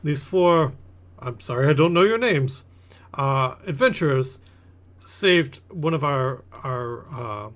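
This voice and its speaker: A man's voice: mid-range voice, animated, slow pace. A man voicing a haughty male merchant prince in a tabletop game, smug and pompous.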